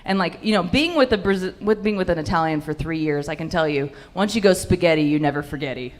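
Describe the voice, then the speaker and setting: A woman's voice: deep voice, fast talker. A young woman doing a stand-up set in a comedy club, brash and profane with punchy delivery into a handheld mic.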